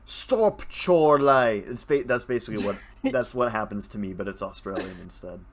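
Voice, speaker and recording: A man with a fairly low voice chatting casually on a podcast. He delivers his jokes in a dry, offhand way. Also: quick pace, a little hiss or hum. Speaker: podcast co-host. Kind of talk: casual chat.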